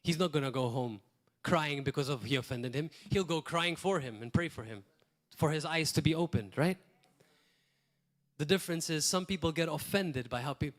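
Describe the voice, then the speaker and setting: A man preaching a sermon as pastor, talking in a lively, rambling way and acting out quotes now and then. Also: a little high, fairly quick. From Malta.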